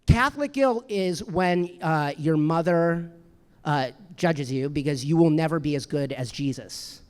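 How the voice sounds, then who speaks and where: This thirty-something comedian performs stand-up at a club, meandering and self-deprecating, often restarting lines and leaning on fillers. He speaks a bit slowly in a smooth voice that sits on the high side.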